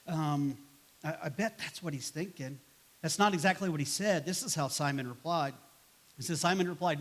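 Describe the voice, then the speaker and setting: A man's voice: fairly high pitch, normal speed, fairly bright tone. A man preaching a sermon as pastor in a church, casual and conversational, acting out grumbling replies to make his points. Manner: conversational, acts out quoted voices with a sigh and grumble.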